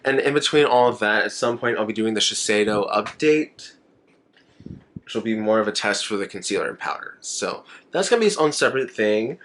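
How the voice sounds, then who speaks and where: A man's voice: fairly low pitch, lively intonation, fairly quick, a bit bright. A young man chatting to camera in a makeup vlog, rambling, emotional and laughing often. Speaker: makeup vlogger. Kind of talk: casual chat to camera.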